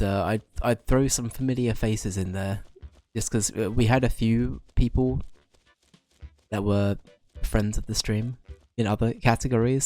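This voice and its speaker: A man's voice: fairly low pitch, dark tone. A man streaming a game and chatting with viewers, a bit bunged up from being slightly ill, rambling and addressing chat by name.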